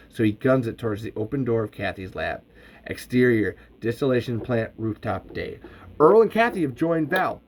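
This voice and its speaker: A man reading a film script aloud in an animated, expressive way, with swearing asides. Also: mid-range voice.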